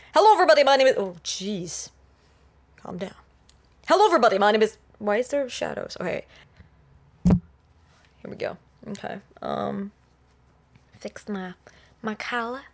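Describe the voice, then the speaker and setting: A woman's voice: medium pitch, animated, a little slow, pauses often. A woman YouTuber flubbing her video intros, giggling and exclaiming as she restarts her lines. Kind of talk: blooper reel of vlog intros.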